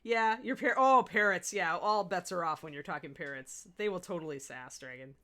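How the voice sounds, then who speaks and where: Bright, chatty middle-aged woman. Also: on the low side, normal speed. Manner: chatty, rambling, laughs often. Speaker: miniature painting instructor. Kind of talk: live-streamed painting demo with chat.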